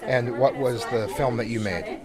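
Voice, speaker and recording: A woman podcast host touring a school, interviewing students on the spot, encouraging and quick to laugh. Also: extremely low pitch, crowd noise. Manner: enthusiastic, laughs easily, encouraging. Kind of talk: roaming on-site interview. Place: busy school classroom. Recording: noisy classroom with kids chattering. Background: children chattering.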